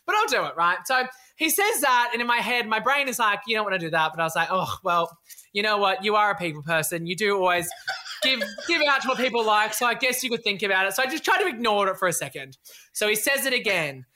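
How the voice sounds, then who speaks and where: A woman's voice: mid-range voice, animated, quick pace, sharp tone. A young woman telling a story in casual chat, acting out voices and laughing often. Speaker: podcast co-host.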